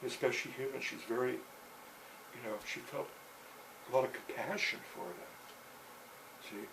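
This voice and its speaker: A man's voice: mid-range voice, steady tone, a little slow, gravelly, recorded from a distance. A man telling a rambling story in casual speech, filling it with "you know" and restarts. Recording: voice set back from the mic, faint background hiss.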